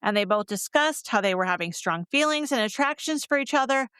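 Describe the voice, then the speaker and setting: A candid woman co-hosting a book podcast, with a fairly high voice and a chatty, easygoing way of talking. Her voice sounds dry and close, with no room around it. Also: animated, a little fast, fairly bright tone, clear, resonant tone, no room sound. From North Carolina. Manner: candid, chatty, laughs easily. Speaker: podcast co-host reviewing romance novels. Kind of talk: casual chat.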